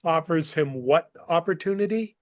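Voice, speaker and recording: A man hosts a podcast interview, breaking in with eager interjections. His voice is high for a man. The recording is dry, with no room sound. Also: normal speed, darkish tone, dry recording. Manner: enthusiastic, interjecting to recap the guest's story. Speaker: podcast host. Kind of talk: casual interview.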